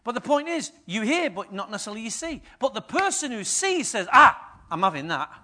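The pastor, a middle-aged man, talks a little fast as he gives his sermon in a forceful, high, bright voice. Lively anecdotes see him voicing the characters, and he shifts between quiet, intimate remarks and loud, emphatic punches.

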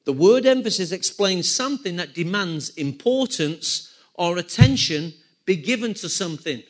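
A man's voice: high voice, lively intonation, normal speed. A man preaching a sermon to a congregation, repeating key phrases and asking them questions. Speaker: pastor.

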